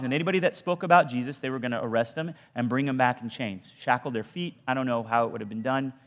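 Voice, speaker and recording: A man giving a sermon, telling a story in a conversational way with casual asides and dropping low for emphasis. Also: a bit bright. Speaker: pastor. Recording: long hall reverb.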